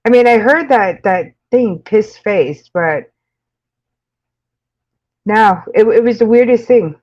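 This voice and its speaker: A woman's voice: fairly high pitch, lively intonation, slow, lo-fi sound. A woman with a New York accent chatting casually with live-stream viewers, rambling with lots of fillers and frequent laughs. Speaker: makeup channel host.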